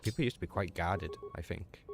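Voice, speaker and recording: A man hosting a live stream voice chat, laid-back and joking, quick to laugh. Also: deep voice, creaky.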